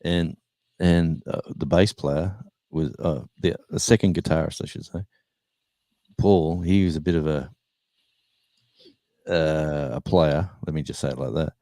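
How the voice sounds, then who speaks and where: An older man spins a rambling tale in a very low, deep voice. The sound is dry and close, with no room around it. He talks casually, breaking off and restarting as he goes. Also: steady tone, moderate pace, mellow, no room sound. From Australia. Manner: rambling anecdotes with restarts and laughter. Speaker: live chat host. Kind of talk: casual storytelling chat.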